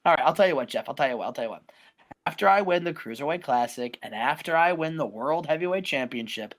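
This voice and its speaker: A man's voice: on the high side, lively intonation, fast talker, voice pushed down. Man doing a smug, boastful wrestling champ. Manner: boastful, mocking.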